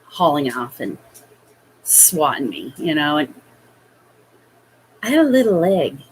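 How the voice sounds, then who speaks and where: A woman telling a personal childhood story in a hesitant, halting way, full of fillers. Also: low-pitched, very animated, a little hiss or hum, rough recording. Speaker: vlogger.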